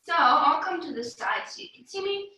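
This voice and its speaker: A woman's voice: high voice, animated, normal speed, bright, forceful tone. A young adult woman guiding a children's yoga class, upbeat and encouraging, with playful animal sounds and sung cues. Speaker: kids yoga teacher. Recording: echoey room, voice from a distance.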